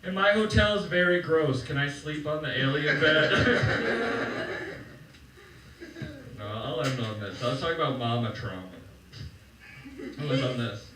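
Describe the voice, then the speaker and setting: A man's voice: on the high side, very animated, unhurried, long pauses, far from the mic. A young man doing a stand-up set on a comedy club stage, joking loosely and chatting with the crowd. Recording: roomy live club sound from afar.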